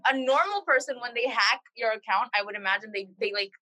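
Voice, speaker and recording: A young woman hosting a casual chat podcast, playful and blunt, quick to mock her guest. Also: on the high side, pushed and bright. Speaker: podcast host.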